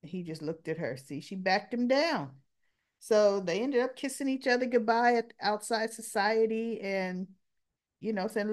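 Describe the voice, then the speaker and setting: A woman's voice: mid-range voice, normal speed. A woman chatting casually as she recaps a soap opera into her camera mic, with offhand, dismissive asides.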